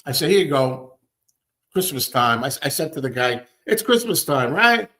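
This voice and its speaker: Ranting male host, lively storyteller. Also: medium pitch, moderate pace. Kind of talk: casual chat.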